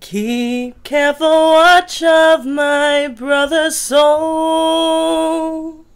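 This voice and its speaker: A soft-spoken woman in the room singing a slow ballad. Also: sits high, fairly even intonation, faint music behind.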